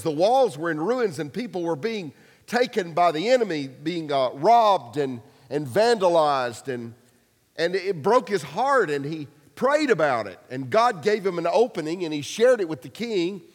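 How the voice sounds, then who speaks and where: Man, pastor, casual joking sermon, high voice, long church reverb. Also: very animated, normal speed. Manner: casual storytelling with humor and acted quotes.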